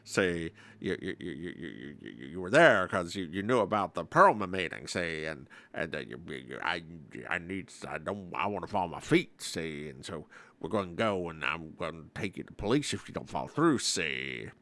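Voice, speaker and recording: A man's voice: deep voice, sing-song, normal speed, pushed and bright, dry recording, pitched below the performer's own voice, heavily acted. A man voicing a woman crook with an old-movie gangster drawl who ends her lines with "see". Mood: menacing. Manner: tough-talk drawl ending lines with "see".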